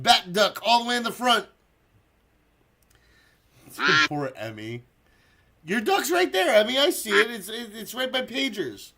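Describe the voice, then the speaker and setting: A man's voice: high voice, very animated, measured pace, long pauses. A man hosting a casual live stream, chatting with viewers and calling a duck race, swearing freely and quacking to cheer them on. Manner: quacks loudly to cheer races. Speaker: streamer hosting a community server.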